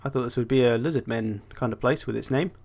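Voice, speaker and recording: Young male host, casual game commentary, wry asides, middle pitch. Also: fast talker, a little mellow. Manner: chatty, wry, thinking aloud. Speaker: gaming channel host.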